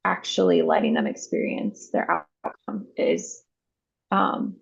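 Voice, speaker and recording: A woman's voice: sits low, wildly swooping pitch, slow, gravelly, husky, dull audio. A woman in her thirties, a mother of four, telling a parenting story in an earnest, reflective way with many ums and restarts. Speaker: guest mother. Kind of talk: casual podcast storytelling.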